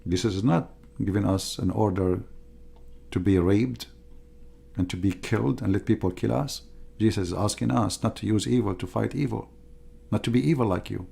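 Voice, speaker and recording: A man's voice: on the low side, moderate pace, gravelly, mellow, breathy edge. A middle-aged man giving an emphatic, repetitive livestream monologue as a religious debater, in non-native grammar.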